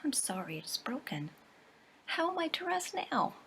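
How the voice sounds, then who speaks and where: A woman voicing a polite, tired little girl, speaking softly and half-whispered. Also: sits high, sing-song, moderate pace, a little hiss or hum, pitched above the performer's own voice, exaggerated voice. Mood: fretful.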